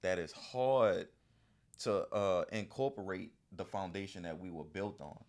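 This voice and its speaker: A man with a New Orleans accent and a low voice talks in a relaxed podcast conversation. He sounds thoughtful most of the time and picks up energy when he tells a story. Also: measured pace. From New Orleans, Louisiana. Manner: reflective, animated when telling stories. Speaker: podcast guest. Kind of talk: casual conversation.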